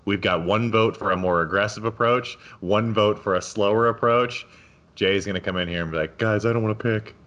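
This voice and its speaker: A man's voice: on the low side, normal speed, fairly bright tone, lo-fi sound. A man hosting a casual podcast discussion, joking and self-deprecating as he gives coaching advice. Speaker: podcast host.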